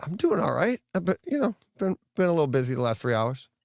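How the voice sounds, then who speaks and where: A man's voice: on the high side, sing-song, fast talker, gravelly, darkish tone, dry recording. Chatty livestream host man, dry sound. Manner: chatty, laughs often, tells hockey stories. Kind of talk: casual chat.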